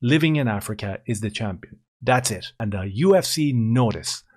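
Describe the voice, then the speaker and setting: A man's voice: medium pitch, expressive, normal speed, darkish tone. Indignant man ranting on camera. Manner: indignant, profane, opinionated. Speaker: commentator. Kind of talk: ranting vlog commentary.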